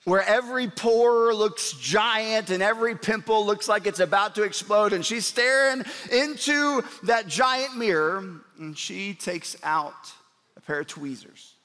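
Animated high-voiced pastor in a reverberant hall. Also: male voice, a little slow. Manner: animated storyteller, dropping low and soft for drama. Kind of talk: sermon with storytelling.

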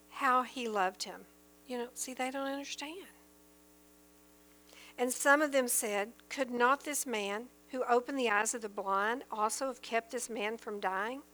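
Earnest high-voiced woman teaching scripture. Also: slow, a bit bright. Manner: earnest and emphatic, reads scripture aloud then explains it. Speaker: Bible teacher. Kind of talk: sermon-style Bible teaching.

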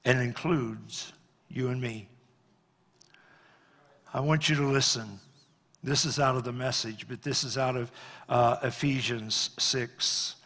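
A male pastor preaching a sermon, swinging between loud emphatic climbs and quiet, low endings. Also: takes it slowly, long pauses, slightly rough. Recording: long reverb of a large hall.

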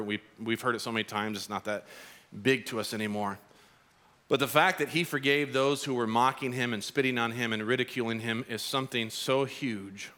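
A male pastor delivering a sermon, with lively storytelling that swings up to emphatic, insistent peaks. His voice is bright and forward, and he keeps a mid-range pitch.

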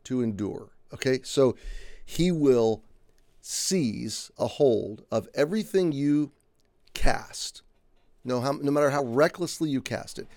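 A man's voice: medium pitch, a little mellow, no room sound, clean studio sound. A man giving a conversational Bible teaching, earnest, unpacking words one by one and often checking in with "okay?".

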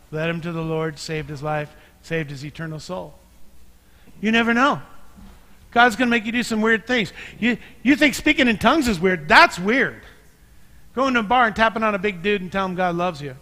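A man's voice: sits high, lively intonation, moderate pace, bright, forceful tone, big-room sound. A man preaching a sermon as pastor, talking conversationally and joking as he tells stories. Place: church sanctuary.

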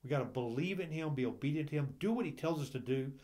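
A man's voice: mid-range voice, lively intonation, fast talker, dark tone. A man co-hosting a Bible discussion, fervent, rising into impassioned preaching with repeated rhetorical questions. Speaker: church Bible study co-host.

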